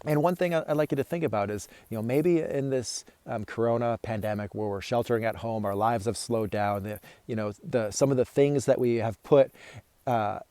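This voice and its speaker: A man with a mellow, smooth voice gives an informal sermon to parents. He talks in a relaxed, conversational way, often restarting his phrases. The sound is dry and close. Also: medium pitch, normal speed, dry recording. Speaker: church family ministry leader.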